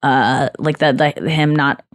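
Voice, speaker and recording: A woman in her thirties hosts a casual podcast chat, her voice sitting a little low for a woman. She rambles in an animated way and restarts her sentences often. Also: slow pace. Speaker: podcast host.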